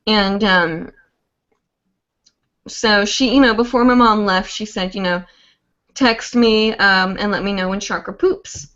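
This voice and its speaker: A woman's voice: mid-range voice, unhurried, pauses often, a bit bright. Chatty woman hosting a lo-fi livestream. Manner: chatty, rambling, full of "like" and "um". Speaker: host of a live hooping show. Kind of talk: casual livestream chat. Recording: dull lo-fi livestream audio.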